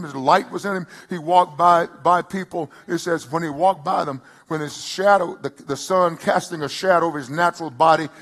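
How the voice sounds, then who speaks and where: A middle-aged male pastor preaching a sermon, emphatic and rising loud on key lines. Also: fairly high pitch, slightly rough.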